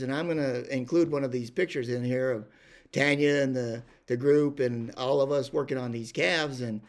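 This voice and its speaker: An older man telling a rambling ranch story, full of fillers and restarts. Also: on the high side. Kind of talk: casual spoken storytelling.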